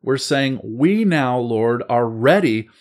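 A man hosting a podcast discussion, walking listeners through the liturgy in a measured, explanatory way. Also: medium pitch, lively intonation. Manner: measured, explanatory, slows down to stress points. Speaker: host. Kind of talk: guided walk through the liturgy.

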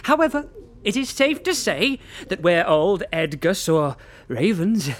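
Man playing a grandiose fake poet with a hammy Southern drawl, slow, swooping delivery, comedic audio drama. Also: sits high, big pitch swings. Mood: ominous. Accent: put-on Southern American drawl. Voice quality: theatrical, grandiloquent, drawn-out delivery. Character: pompous man posing as Edgar Allan Poe.

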